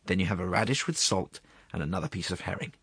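Guy doing a food-obsessed clerk, low half whisper, soft and dry, savoring every word. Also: quick pace, slightly rough, no room sound, heavily acted. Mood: dreamy. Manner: hushed, half-whispered, rapturous. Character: gluttonous male clerk savoring food talk.

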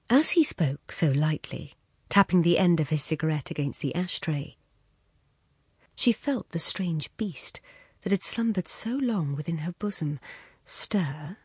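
A woman reading a literary short story as an audiobook narrator, measured and expressive, softening into hushed passages. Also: low voice, slightly rough, no room sound, studio quality.

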